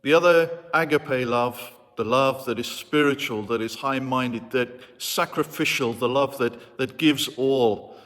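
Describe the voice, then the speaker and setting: A man's voice: mid-range voice, measured pace, fairly bright tone. A man preaching a sermon as a vicar, retelling a story in an earnest, reflective way. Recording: long hall reverb.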